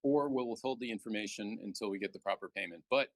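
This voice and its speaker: A man commentating a live backgammon match, joking and relaxed as he banters with his co-host. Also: on the low side, fast, no room sound.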